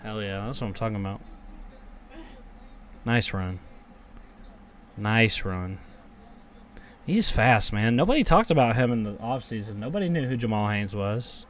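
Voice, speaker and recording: A man's voice: lowish voice, animated, unhurried, long pauses, slight background noise. A young man reacting live to a football game, grumbling and cursing at his team and then erupting into cheers on big plays. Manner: frustrated, swears, talks back to chat.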